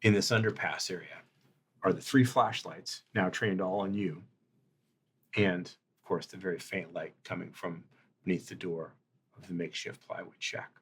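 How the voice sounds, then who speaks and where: Storyteller, male, lowish voice, measured narration and questions, faint background noise. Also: fairly even intonation. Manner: measured, asks players questions. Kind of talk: narrating a tabletop role-playing game.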